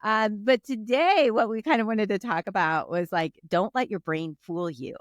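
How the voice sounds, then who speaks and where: A woman's voice: mid-range voice, normal speed, no echo, studio quality. A woman co-hosting a casual chat, talking freely with many fillers. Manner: giggly, chatty, frequent "like" and "um". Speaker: podcast co-host.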